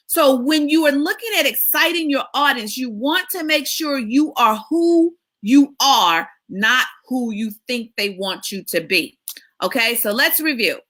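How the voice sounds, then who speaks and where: Woman media coach, high-energy emphatic monologue, bright forceful tone. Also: a little slow. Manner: excitable, emphatic, lively delivery with laughs. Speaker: media coach hosting a weekly tips video.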